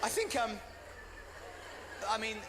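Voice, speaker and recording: A British male comedian with a high, bright voice delivers dry, self-deprecating stand-up. His voice carries through an echoey venue with a faint noise floor. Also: big pitch swings, takes it slowly. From Britain.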